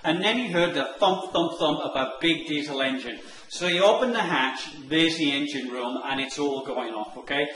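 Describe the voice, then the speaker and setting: A man telling a long comic anecdote, animated and acting out the characters' lines. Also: moderate pace, hardly any pauses. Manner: animated, acts out the characters' lines in higher voices. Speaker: online marketing presenter. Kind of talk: storytelling anecdote. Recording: echoey room with faint noise.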